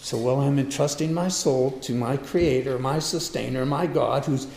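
A man preaching a sermon, repeating lines for emphasis and moving between quiet asides and loud bursts. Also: medium pitch, normal speed, vocal fry, hardly any pauses, echoey room. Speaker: pastor.

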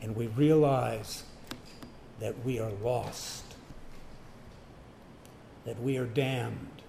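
Slow, emphatic preaching man. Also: mid-range voice, steady tone, vocal fry, a little hiss or hum. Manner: emphatic, swinging from loud declarations to hushed asides. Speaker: pastor. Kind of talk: sermon.

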